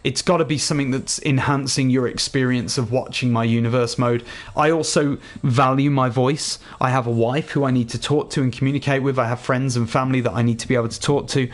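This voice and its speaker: A man's voice: medium pitch, steady tone, fairly quick. An English man, a gaming video host, talking to his viewers in a chatty, earnest, rambling way as he closes his video. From England. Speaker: gaming YouTuber. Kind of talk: casual outro to viewers.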